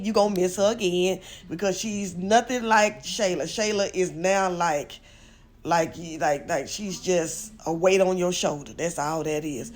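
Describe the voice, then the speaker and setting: A woman's voice: lowish voice, a little mellow. An older woman recapping events in a chatty, opinionated way, speaking straight to her viewers. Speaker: reality show commentator. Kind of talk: casual commentary recap.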